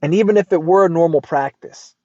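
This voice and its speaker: An American man hosting a casual advice podcast, reacting to a post in an emphatic, lively way and swearing freely. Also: on the high side, brisk, no room sound. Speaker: podcast host. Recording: dull lo-fi dry sound.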